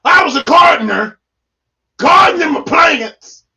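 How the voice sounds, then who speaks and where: A man playing a panicked victim being mauled, wailing and shouting in a shrill falsetto. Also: animated, measured pace, recorded from a distance, heavily acted. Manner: hysterical, sobbing shouts.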